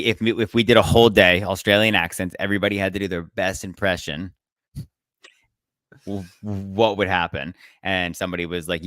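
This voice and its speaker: A man's voice: low-pitched, a bit bright, clear, resonant tone, dry recording, studio quality. A young man co-hosting a podcast, chatting casually, telling stories and swearing freely. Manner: loose, swearing, storytelling banter. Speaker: podcast co-host.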